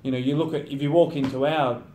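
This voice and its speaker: Man, 30, professional footballer, relaxed interview talk, mid-pitched, echoey room sound. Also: fast, a little hiss or hum. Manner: chatty, acts out teammates' banter. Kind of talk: casual interview chat. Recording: roomy echo.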